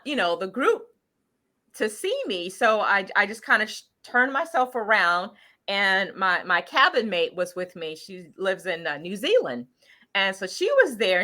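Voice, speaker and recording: A middle-aged woman with a bright, clear voice, telling her viewers a travel story in a loose, chatty way. She rambles, stops and restarts her sentences, and fills the gaps with lots of ums. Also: mid-range voice. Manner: rambling, with many fillers and restarts. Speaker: channel host sharing travel story.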